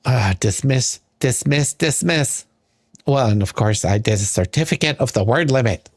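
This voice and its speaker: A man's voice: medium pitch, animated, moderate pace, dry recording. A man reading a court filing aloud and ranting at it, exasperated, sarcastic and insulting. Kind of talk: ranting commentary.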